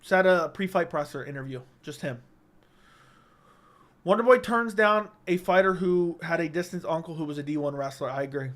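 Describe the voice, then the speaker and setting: Young male streamer, higher voice, blunt quick takes, home studio mic. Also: a bit bright. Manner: blunt, opinionated, quick verdicts. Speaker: livestream host reading viewer comments. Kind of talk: casual livestream chat. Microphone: studio microphone.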